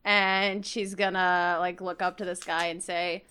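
A woman's voice: fairly low pitch, flat delivery, measured pace, sharp tone, smooth. A woman playing a tabletop game, describing what her character does. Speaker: player. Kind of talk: tabletop role-play banter.

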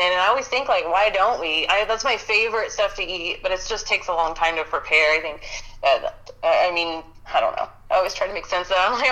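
A woman chatting as a guest, excitable and quick to laugh, swearing freely. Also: lowish voice, rough recording. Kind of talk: casual chat.

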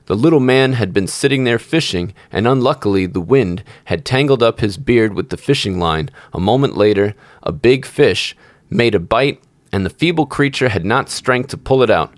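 A man reading a fairy tale aloud as the show's storyteller, steady and measured. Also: medium pitch, no echo, clean studio sound.

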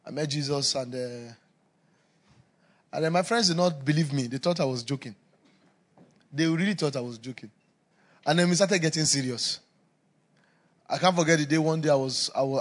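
Animated man preaching. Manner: storytelling with laughter, swings from loud emphasis to low asides. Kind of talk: sermon.

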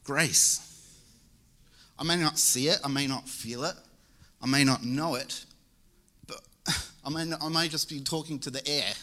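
A man's voice: medium pitch, unhurried, pauses often, pushed and bright. A young man preaching a church sermon in a casual, joking way. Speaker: lay preacher. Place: church service.

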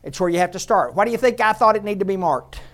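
A woman teaching a Bible class to a room of listeners, lively and joking as she quizzes them. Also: mid-range voice, fast talker. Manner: lively, jokey, quizzes the audience.

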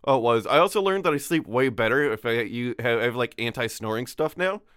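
A man's voice: medium pitch, lively intonation, brisk, fairly bright tone, smooth, dry recording, studio quality. A young man co-hosting a casual podcast, rambling and cutting himself off, still groggy from just waking up. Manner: rambling, self-interrupting, laughs easily. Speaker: podcast co-host. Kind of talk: casual chat.

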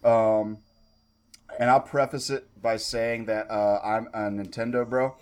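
A man's voice: mid-range voice, steady tone, unhurried, smooth. A man co-hosting a casual chat, talking in a rambling way with lots of fillers and the odd curse. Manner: rambling, profane, with many fillers. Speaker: podcast co-host.

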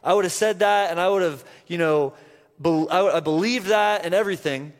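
A man preaching a sermon, telling a personal story earnestly with halting restarts. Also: sits high. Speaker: pastor. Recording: reverberant church hall.

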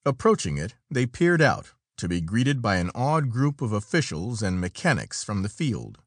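A man's voice: on the low side, big pitch swings, normal speed, slightly rough, no echo, clean studio sound. A man narrating an adventure story as an audiobook, in dramatic storytelling style. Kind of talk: scripted narration.

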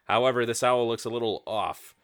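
A man hosting a podcast and narrating as game master, relaxed and hesitant with fillers. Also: mid-range voice, brisk, clear, resonant tone, no room sound, studio quality.

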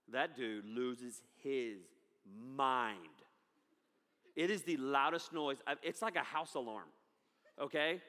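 A man in his thirties preaching a sermon with lots of energy, swinging from loud to hushed. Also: medium pitch, big-room sound. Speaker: pastor.

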